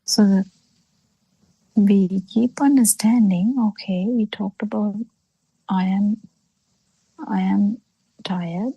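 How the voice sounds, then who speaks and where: Slow, husky woman teaching Buddhism. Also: medium pitch, no room sound, poor audio. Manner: halting, many pauses and fillers, drops into soft breathy half-whispers. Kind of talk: slow spoken dharma talk on a video call. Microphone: video call.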